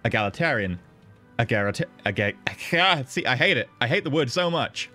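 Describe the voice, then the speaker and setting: Man, game streamer, casual chat, animated pitch, playful, faint background music. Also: brisk. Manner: chatty, playful, thanks viewers, bursts into high excited pitch. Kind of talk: casual livestream commentary.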